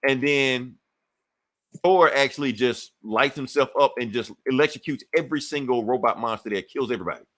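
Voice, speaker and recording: A man's voice: mid-range voice, a little fast. Man casually recapping a comic. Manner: animated storytelling, acting out characters' lines, profane. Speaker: podcast co-host.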